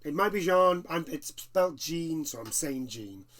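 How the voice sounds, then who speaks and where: A man co-hosting a casual gaming chat, excitable and swearing casually. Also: on the high side, normal speed. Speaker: co-host.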